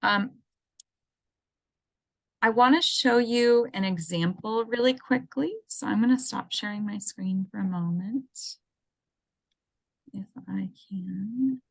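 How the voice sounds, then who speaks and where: A woman's voice: medium pitch, slow, creaky, long pauses, breathy edge, no echo. A woman presenting an educational webinar, talking casually and explaining things step by step, with frequent ums and restarts, over a computer mic on a video call. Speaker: assistive technology coordinator presenting a seminar.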